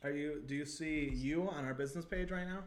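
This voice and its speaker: A man's voice: fairly high pitch, fairly quick. A man hosting a casual livestream, chatty and upbeat, talking to viewers over a webcam. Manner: upbeat, chatty, many fillers. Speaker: livestream host. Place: Santa Monica, Los Angeles.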